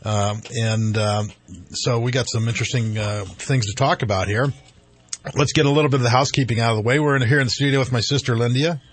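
A man hosting a casual talk radio show from a studio, chatty and quick to laugh, with lots of fillers. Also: mid-range voice, steady tone. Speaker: radio host. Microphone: studio mic.

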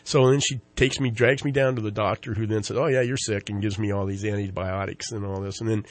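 A man's voice: fairly low pitch, little pitch movement, quick pace. A man hosting a local talk radio show, rambling and joking with lots of fillers and restarts. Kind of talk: casual talk radio chat.

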